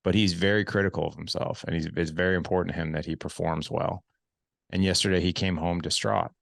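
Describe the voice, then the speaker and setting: A man's voice: low-pitched, fairly even intonation, a little fast, gravelly, fairly bright tone, dry recording, clean studio sound. A man in his forties hosting a podcast conversation, talking in an earnest, reflective way and often restarting or repeating words as he thinks. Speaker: podcast host.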